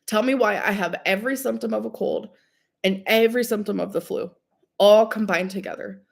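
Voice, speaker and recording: Gravelly and mid-range, this young streamer talks fairly quickly while ill with a cold-like sickness. She chats with viewers in a loose, rambling way, filling gaps with filler words.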